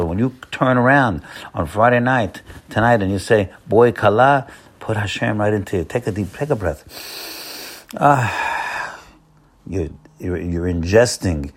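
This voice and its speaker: A man preaches a Torah lesson in an earnest, coaxing way, circling back and repeating key points. His voice sits on the low side, and he mixes Hebrew terms into everyday speech. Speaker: rabbi. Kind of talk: Torah sermon.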